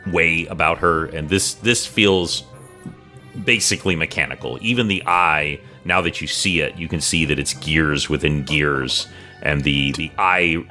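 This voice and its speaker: A man's voice: a bass voice, bright, forceful tone. A man narrating as game master of a tabletop game, chatty and hesitant, with many fillers.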